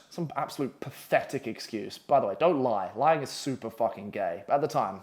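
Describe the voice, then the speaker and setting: A young man telling a story casually, profane and animated with lots of fillers. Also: mid-range voice, brisk, hardly any pauses.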